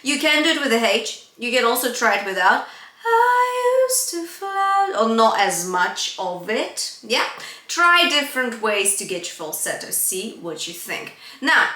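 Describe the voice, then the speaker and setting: A woman singer and vocal coach teaching a singing lesson in an upbeat way, switching into light breathy sung examples. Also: fairly high pitch, very animated, moderate pace, bright, forceful tone. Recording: echoey room.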